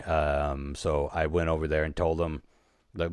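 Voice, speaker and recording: Low-voiced guy rambling thru a story on a podcast, swears a lot, chuckles, dry close mic. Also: steady tone, takes it slowly, pauses often, clear, resonant tone, no echo. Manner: rambling, profane, laughs while telling. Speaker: podcast co-host. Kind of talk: casual storytelling chat.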